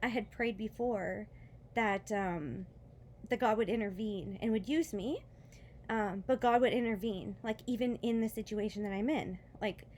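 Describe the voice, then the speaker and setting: A woman telling a personal faith story in a casual vlog, emotional and close to tears, rambling with fillers and soft laughs. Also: medium pitch, moderate pace, slight background noise. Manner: emotional, near tears, laughing softly between words; rambling with many fillers and restarts. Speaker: vlogger.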